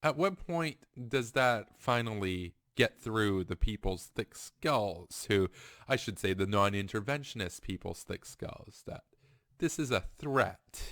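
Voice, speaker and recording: A man's voice: fairly low pitch, a bit bright, dry recording, clean studio sound. A man giving a heated, repetitive political commentary monologue. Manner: emphatic, ranting, repetitive.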